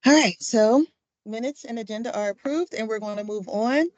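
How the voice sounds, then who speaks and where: A woman's voice: a little high, moderate pace, darkish tone, dry recording, muffled recording. A woman chairing a commission meeting, calling roll in an informal, upbeat way with plenty of fillers. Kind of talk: running a meeting roll call.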